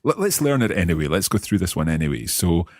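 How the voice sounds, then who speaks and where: A man's voice: low voice, big pitch swings, fast, darkish tone, no echo, clean studio sound. A Scottish man co-hosting a beginner language lesson podcast as the learner, curious and repeating phrases after the teacher. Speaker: learner co-host.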